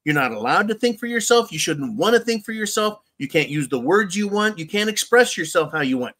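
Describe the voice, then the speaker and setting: A man with a somewhat high voice hosts a casual political commentary livestream. He rambles and sounds sarcastic as he reads out viewer comments, chuckling and adding mocking asides. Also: very animated, a little fast, fairly bright tone. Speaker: livestream show host reading viewer chat.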